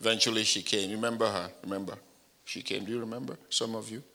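A pastor preaching a sermon, telling stories with animated shifts of voice and acting out the people he quotes. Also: fairly low pitch, fast talker.

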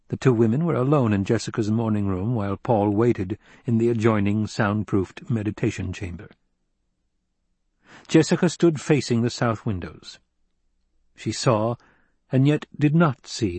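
Male audiobook narrator, husky and measured, dry close recording. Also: on the low side, darkish tone, no echo. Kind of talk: scripted narration.

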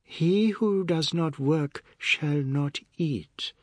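A man doing a slow, solemn old mother. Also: high-pitched, sing-song, husky, dry recording, voice pushed up, exaggerated voice. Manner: slow, measured.

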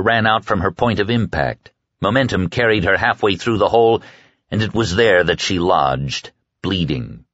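Deep-voiced, dramatic male audiobook narrator. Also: no room sound, dull audio. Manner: dramatic, expressive storytelling. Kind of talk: scripted narration.

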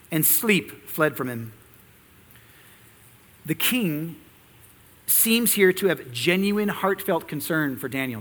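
A man's voice: fairly high pitch, sharp tone, big-room sound. A man preaching an expository sermon, reading scripture and teaching earnestly, with rhetorical questions to the congregation. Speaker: pastor.

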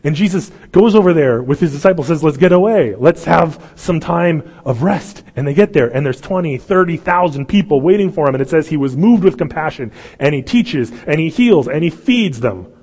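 A man's husky, somewhat high voice rings through a church sanctuary with a long reverb tail. Preaching as pastor, he narrates his sermon story in an animated way and performs the voices of the people in it.

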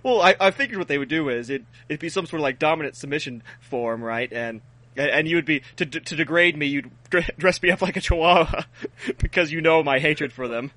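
A man's voice: on the high side, fairly quick, no room sound. Dry-voiced man joking on a podcast. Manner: deadpan mock-boastful, laughs often. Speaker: podcast co-host. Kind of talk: casual comedic banter.

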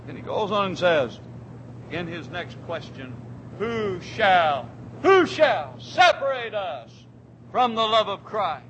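A man preaches a fervent sermon in a high, bright voice. He drops to near-quiet, drawn-out phrases, then rises to shouted declarations. A faint rumble sits behind him in the church. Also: sing-song, rough recording.

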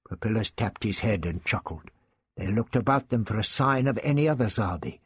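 A man reading an adventure story aloud as narrator, steady and measured. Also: on the low side, slightly rough, no echo. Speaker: audiobook narrator. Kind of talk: scripted narration.

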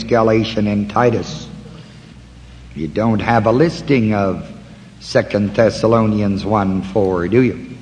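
A man teaching a Bible study, slowly walking listeners through word references in a deliberate way. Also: mid-range voice, in a large hall, dull audio, a little hiss or hum. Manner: slow, deliberate, pausing to point out references.

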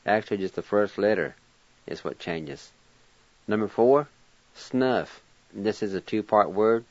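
A man with a lowish voice teaches pronunciation at a very slow, careful pace, spelling each word out one letter at a time. He sounds patient and encouraging, and the recording is dry and a little dull, like an old radio studio. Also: a little mellow, no echo. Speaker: language teacher and radio host.

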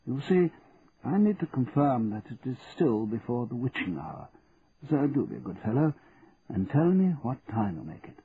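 A man's voice: mid-range voice, very animated, normal speed, pitched above the performer's own voice. A man playing a formal, courteous old male lawyer with a dry, precise manner in an audiobook, heard over a tinny line. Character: formal elderly male solicitor. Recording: tinny narrow band, faint hiss.

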